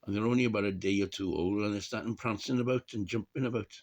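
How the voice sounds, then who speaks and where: A middle-aged man chatting casually to camera in a rambling, jokey way, often clearing his throat. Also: fairly low pitch, fast, darkish tone. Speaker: vlogger.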